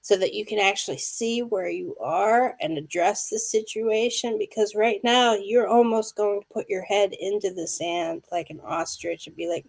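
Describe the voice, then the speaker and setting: A woman's voice: medium pitch, normal speed, darkish tone. A wheezy woman in her fifties giving a live card reading, speaking intuitively to viewers by name. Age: 50s. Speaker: tarot card reader.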